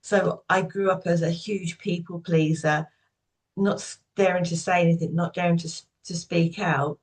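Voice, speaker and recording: A woman in her fifties, appearing as a podcast guest, candidly recounts painful childhood memories in steady, personal storytelling. Her voice is fairly low-pitched, at a moderate pace.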